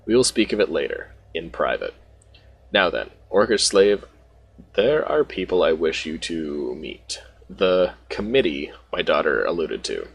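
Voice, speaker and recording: Guy reading an icy rich old dad, deep gravelly voice. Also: sing-song, a little slow, heavily acted. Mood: stern. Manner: reads game dialogue aloud without doing a voice. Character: cold, stern wealthy old father.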